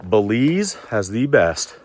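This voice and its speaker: Slow and sing-song in a low-ish voice, this man vlogs a thru-hike, spinning folksy yarns while slightly winded from climbing. He's loose and talkative, swears casually, and there's a little hiss or hum in the audio.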